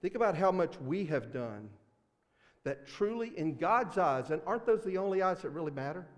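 A man with a Mississippi accent preaching a sermon as pastor, earnest, swinging between loud emphasis and hushed asides. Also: sits high, expressive, moderate pace, long reverb tail. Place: church sanctuary.

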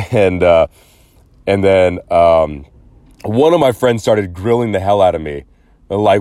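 A man's voice: sits low, expressive, slow, pauses often, mellow, dry recording. A man hosting a solo commentary show, rambling and sarcastic, putting on mocking voices to quote people. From Los Angeles area. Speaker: podcast host.

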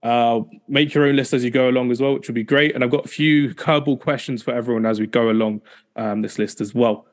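A man hosting a casual podcast and talking in a quick, chatty and upbeat way. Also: medium pitch, steady tone. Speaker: podcast host.

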